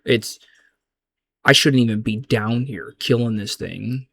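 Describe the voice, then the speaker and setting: Young man, casual gaming ramble, slangy and loose, average pitch, lots of restarts. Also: takes it slowly, vocal fry, a bit bright. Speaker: gaming vlogger.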